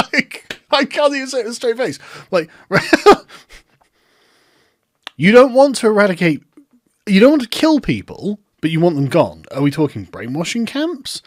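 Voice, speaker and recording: A man's voice: high-pitched, big pitch swings, brisk, dry recording. A man giving sarcastic commentary in a mocking, incredulous way, close to the mic. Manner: mocking, incredulous, breaks into laughter. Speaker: online commentator.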